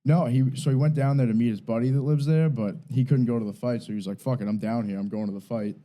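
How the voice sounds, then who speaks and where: A man's voice: medium pitch, fast talker, low-quality recording. A man from New England, co-hosting a podcast and telling stories with lots of swearing. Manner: animated storytelling, swearing, laughing. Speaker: podcast co-host. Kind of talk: casual chat.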